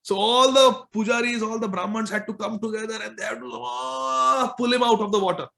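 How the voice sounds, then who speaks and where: A man with a notably high voice tells a devotional story in a spiritual talk. His delivery is animated, and he chuckles often as the tale unfolds. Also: fast talker, vocal fry. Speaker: spiritual speaker.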